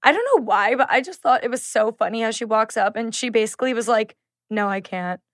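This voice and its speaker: A woman's voice: a little high, fast, a bit bright, dry recording, clean studio sound. A woman in casual podcast chat, gushing and laughing as she retells scenes. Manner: chatty, laughs often, gushing.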